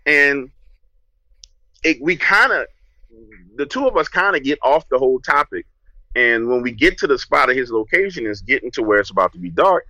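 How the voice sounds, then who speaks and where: A man, a podcast guest telling a story in a casual, lively way and acting out what he said back then. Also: medium pitch, normal speed, pauses often, no room sound, rough recording. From New Orleans, USA. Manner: lively, acts out his own past lines.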